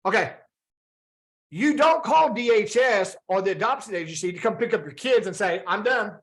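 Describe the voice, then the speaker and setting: A man's voice: sits high, animated, normal speed. A man coaching a group over a video call, talking casually, asking the group rhetorical questions and acting out the thoughts people have. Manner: acts out quoted inner thoughts. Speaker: fitness and wellness coach.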